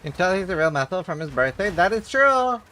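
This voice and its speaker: A man's voice: high-pitched, sing-song, fast, pushed and bright, slight background noise. A man chatting casually and joking with viewers while streaming a game. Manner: joking, chatty, laughs often.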